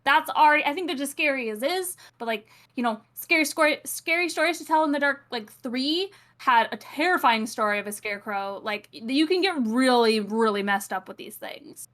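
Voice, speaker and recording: A woman playing a tabletop role-playing game, chatting in an animated, emphatic way. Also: high-pitched, normal speed, few pauses. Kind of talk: casual tabletop role-play.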